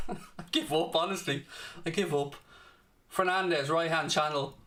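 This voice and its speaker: Young guy on a football watchalong stream, high sharp voice, fiery and sweary at the chat. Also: steady tone, unhurried. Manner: heated, sweary ranting at chat. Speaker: watchalong host. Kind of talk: live football watchalong commentary.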